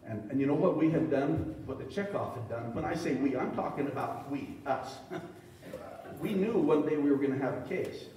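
A man's voice: medium pitch, lively intonation, moderate pace, warm tone. A middle-aged man giving a conference talk, telling folksy, joking anecdotes to a live audience. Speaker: beef industry speaker. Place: meeting hall. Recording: echoey hall from far off.

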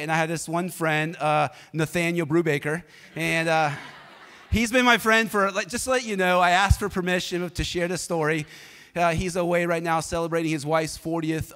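Energetic man preaching in a reverberant church. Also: on the high side. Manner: energetic, conversational, prompts the congregation to respond. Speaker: pastor. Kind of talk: sermon with personal storytelling.

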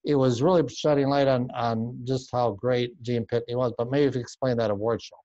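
A man's voice: medium pitch, fairly even intonation, brisk, mellow, dull audio. A man hosting an interview, prompting his guest in a friendly, complimentary way. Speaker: interview host. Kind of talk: casual interview.

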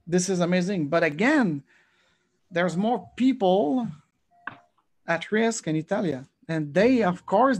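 Guy hosting a zoom chat, highish voice, talks with lots of energy. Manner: animated, mixes French phrases into English. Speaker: podcast host. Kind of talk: casual video call chat. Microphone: video call.

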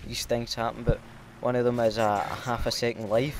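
A man's voice: mid-range voice, flat delivery, a little fast, noisy background. A Scottish man giving casual, hesitant commentary over his gameplay, with lots of filler ums. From Scotland. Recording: loud game gunfire behind.

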